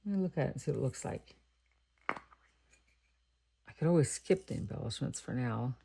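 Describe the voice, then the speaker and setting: Chatty low-voiced woman crafting. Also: expressive, moderate pace, vocal fry, mellow, a little hiss or hum. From Texas. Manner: chatty, rambling, thinks aloud. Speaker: card-making crafter. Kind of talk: casual crafting chat.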